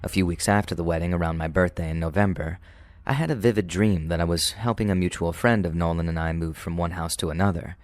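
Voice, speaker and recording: A man narrating true paranormal stories in a calm, steady, scripted way. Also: low voice, fast, no echo, clean studio sound. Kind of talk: scripted horror story narration.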